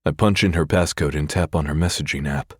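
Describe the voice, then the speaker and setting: A man's voice: extremely low pitch, brisk, slightly rough, dry recording, clean studio sound. A man narrating a first-person romance audiobook in a tense, brooding way.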